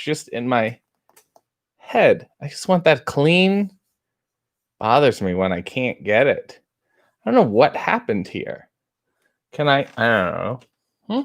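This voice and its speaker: A man hosting a casual late-night livestream show, chatty, playful and theatrical. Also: mid-range voice. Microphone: webcam setup.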